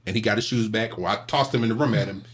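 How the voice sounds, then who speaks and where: A young adult man co-hosting a podcast, telling a story in casual chat and acting out the voices of the people in it. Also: very fast. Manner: animated storyteller, acts out voices with big pitch jumps. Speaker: podcast co-host.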